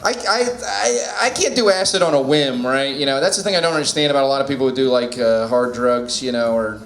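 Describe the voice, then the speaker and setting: A man doing a stand-up comedy set, halting and self-deprecating, often restarting and laughing at his own jokes. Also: medium pitch, a bit bright. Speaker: stand-up comic. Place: small comedy venue indoors. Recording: roomy small-room sound.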